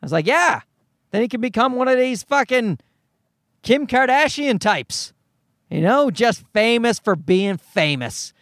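A man rants in an exasperated, profane comedic monologue about his toddler son. His voice is high and gravelly, and his pitch swings widely. The sound is close and dry. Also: sing-song, unhurried, fairly bright tone, no room sound. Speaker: father of a toddler.

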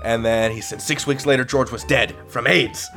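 A man's voice: moderate pace, faint music behind. A man co-hosting a podcast, telling a comedic story in a casual way and acting out the people he quotes. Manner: animated, acts out quoted people with big pitch jumps.

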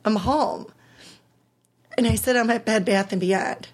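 A woman's voice: on the high side, a little slow. A woman in her thirties, an interview guest, telling a personal story candidly and with emotion, laughing at times.

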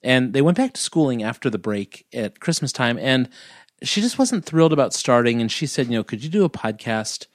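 A man co-hosting a podcast, chatting casually and joking, animated as he pitches to listeners. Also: fairly quick, dry recording, studio quality. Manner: jokey, animated, plugs with mock urgency. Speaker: podcast co-host.

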